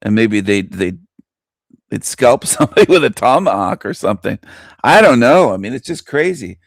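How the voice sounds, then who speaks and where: A male radio host in a forceful monologue, hammering his points by repeating them and chuckling between lines. His voice sits at an ordinary middle pitch. The sound is close and dry, with no room around it. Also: sing-song, normal speed, gravelly, dry recording. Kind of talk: opinionated monologue.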